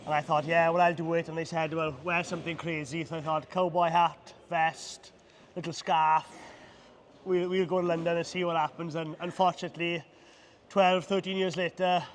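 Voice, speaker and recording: Modest Welsh man, halting chat. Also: fairly high pitch, little pitch movement, a little hiss or hum. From Wales. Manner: modest, halting, repeats words. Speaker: beekeeping supplier and bee farmer, guest. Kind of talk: casual interview chat.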